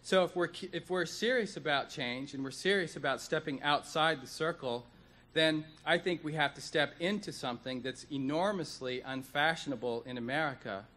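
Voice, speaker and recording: A man giving an earnest, deliberate speech at a conference, stressing points with repetition. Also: on the high side, sharp tone. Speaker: economist speaker. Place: conference hall.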